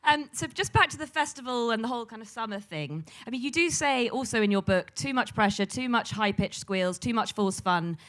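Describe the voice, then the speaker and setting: A woman's voice: on the high side, fairly quick, hardly any pauses. A woman interviewing a guest on a festival stage, asking her questions into a stage microphone. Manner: warm-up compliments then steady questions. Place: festival stage before an audience.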